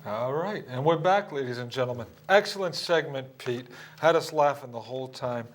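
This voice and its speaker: A man's voice: mid-range voice, moderate pace. A man hosting a local cable talk show, speaking in a friendly, plain-spoken way. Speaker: cable access show host.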